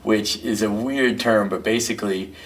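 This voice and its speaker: A middle-aged male musician and producer, a guest in an interview, who tells stories in a rambling, animated way with plenty of fillers. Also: lowish voice, moderate pace. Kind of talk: casual storytelling interview. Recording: distant mic with faint noise.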